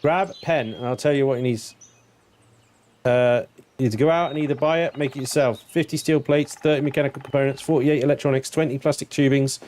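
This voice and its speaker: A man's voice: medium pitch, fairly even intonation, brisk, a little mellow, close to an everyday voice. A man voicing a cheeky, practical male ship engineer in a game, with a put-on West Country English accent and a chirpy, bossy manner.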